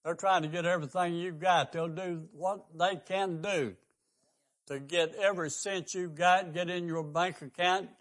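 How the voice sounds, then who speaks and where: An older man with a drawl delivers a radio sermon. His fairly high voice climbs on emphatic, repeated questions, and he talks in the fervent manner of a country preacher. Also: steady tone, normal speed, fairly bright tone. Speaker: pastor and radio host.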